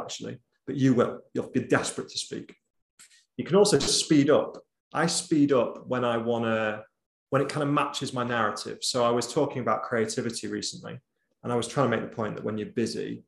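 A man's voice: mid-range voice, steady tone, moderate pace, creaky. A man giving a conversational online presentation, shifting his volume and tempo and sometimes dropping almost to a whisper. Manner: conversational, varies volume and tempo, drops to near whisper at times. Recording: roomy echo.

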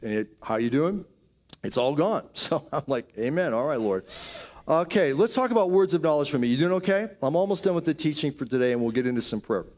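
A man's voice: fairly high pitch, animated, fast talker, hardly any pauses, darkish tone. A man preaching a sermon, telling healing stories in a storytelling way with quoted asides. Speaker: pastor. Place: church auditorium.

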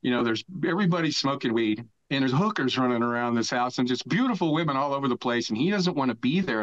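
Here an older man from the US, a guest on a podcast, tells a meandering story full of swearing, chuckling as he talks casually. He speaks with a slightly high voice. The audio is dry, dull and lo-fi.

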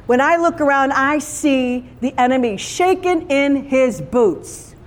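A woman's voice: high voice, expressive, takes it slowly. A woman preaching a sermon in a conversational, emphatic way, full of rhetorical questions.

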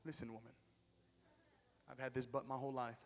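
A man's voice: mid-range voice, little pitch movement, fairly quick, in a large hall. A man preaching a sermon with humor, telling stories animatedly to his church. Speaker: pastor. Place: church hall with music.

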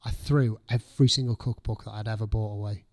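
Swearing chef telling stories. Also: male voice, on the low side, fast. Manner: swears freely, lively storytelling, acts out own past thoughts. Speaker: chef guest. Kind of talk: casual podcast chat.

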